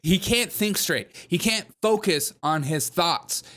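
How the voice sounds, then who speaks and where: Man, host, sarcastic comedic commentary, mocking, fairly high voice. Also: lively intonation, slow pace, pushed and bright. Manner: sarcastic, mocking, puts on whiny quoted voices. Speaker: comedy news show host.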